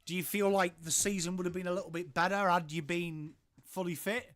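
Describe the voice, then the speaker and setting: English bloke hosting a live stream from home, slightly higher voice, chatty, greeting his viewers by name. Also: fairly even intonation, fairly quick, fairly bright tone. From England. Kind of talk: casual live watchalong chat.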